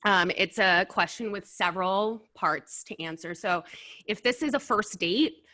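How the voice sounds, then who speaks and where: A woman hosting a casual chat while tasting wings, animated and blunt, sometimes talking with her mouth full. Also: mid-range voice, unhurried. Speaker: host. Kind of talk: casual food review chat.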